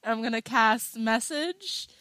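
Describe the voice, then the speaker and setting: Slow-talking bright woman player. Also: fairly high pitch, no echo. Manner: playful, mischievous. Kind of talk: casual tabletop play.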